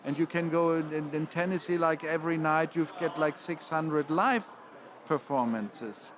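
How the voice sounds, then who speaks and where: A man's voice: fairly high pitch, normal speed, crowd noise. A man, speaking as a panel guest and often restarting his phrases. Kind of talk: panel discussion.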